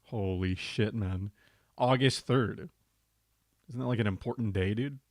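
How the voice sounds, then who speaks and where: A man's voice: on the low side, measured pace, no room sound, clean studio sound. A man streaming a game, joking casually and tossing slang between lines.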